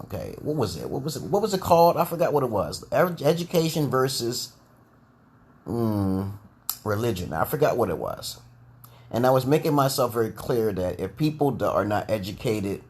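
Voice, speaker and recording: A man with a New York accent talks in a loose, rambling monologue to his online group. His voice sits on the low side and has a husky grain. He keeps tagging "okay?" onto his points and often restarts his sentences partway through. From Brooklyn, New York, USA.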